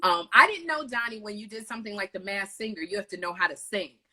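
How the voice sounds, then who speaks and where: A woman hosting a casual live video chat, telling lively stories over a video call. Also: medium pitch, quick pace. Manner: animated storytelling, lively retellings. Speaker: host.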